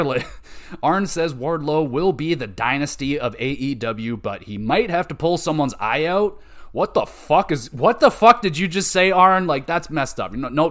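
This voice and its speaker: A man hosting a wrestling podcast, recapping matches in casual, excitable chat and swearing freely. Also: medium pitch. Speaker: podcast host reviewing wrestling.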